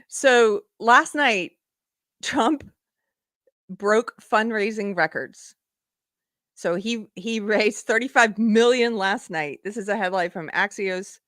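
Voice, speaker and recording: A woman's voice: mid-range voice, lively intonation, unhurried, a bit bright, dry recording, clean studio sound. A middle-aged woman hosting a live political commentary stream, talking casually and sarcastically, often laughing.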